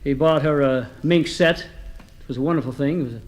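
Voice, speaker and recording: A man telling comic stories, delivering one-liners with a deadpan manner. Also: fairly high pitch, brisk. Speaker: comedian. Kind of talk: comic storytelling.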